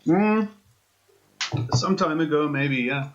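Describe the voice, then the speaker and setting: A man speaking haltingly in character during a tabletop roleplaying game. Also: a little high, expressive. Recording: dull lo-fi audio.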